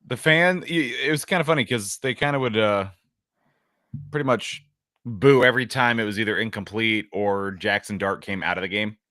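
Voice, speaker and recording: Low-voiced man rambling through football talk. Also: normal speed, pushed and bright, dry recording, clean studio sound. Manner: rambling, hesitant, wry. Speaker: podcast co-host. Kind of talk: casual sports chat.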